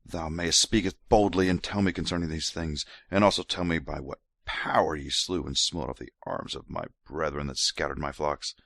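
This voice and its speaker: Guy doing a breathy seductive king voice, real low and hushed. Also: no room sound, studio quality.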